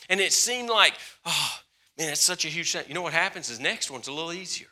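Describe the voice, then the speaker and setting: Bright-voiced preaching pastor. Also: male voice, high voice, brisk. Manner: impassioned preaching, swings from loud to hushed. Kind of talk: sermon.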